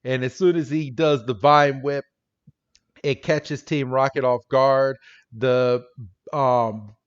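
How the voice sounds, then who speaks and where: A man's voice: clear, resonant tone, lo-fi sound. A man co-hosting a podcast, casually and animatedly retelling a cartoon episode. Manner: animated retelling, jumps into high voices to quote characters. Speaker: podcast co-host. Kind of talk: casual recap chat.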